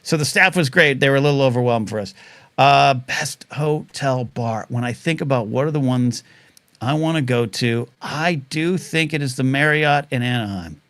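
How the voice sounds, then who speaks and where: A man's voice: medium pitch, a little fast, a bit bright, no room sound. A man hosting a live-stream talk show, rambling casually with lots of fillers, saying he is starting to lose his voice. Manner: rambling, chatty, many fillers and restarts. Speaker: host of a live call-in stream.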